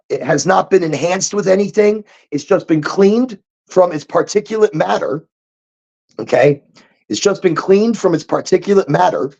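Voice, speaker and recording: A man hosting a casual livestream chat, high and rambling, repeating himself and chuckling at his own jokes. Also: creaky, a little mellow, slightly rough, lo-fi sound. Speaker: podcast host.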